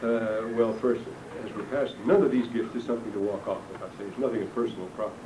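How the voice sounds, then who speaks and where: A man's voice: fairly low pitch, steady tone, quick pace. Older man lecturing from a distance, roomy. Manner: digressive, anecdotal, dry humor. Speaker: religion lecturer. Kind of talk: classroom lecture on scripture. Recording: roomy distant lecture recording with background noise.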